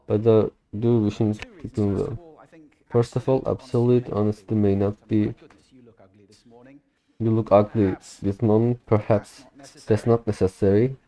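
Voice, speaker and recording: A young man whose first language is Turkish, shadowing a recorded speech aloud in English, with careful, deliberate delivery and occasional slips. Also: lowish voice, flat delivery, mellow, low-quality recording. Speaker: language learner.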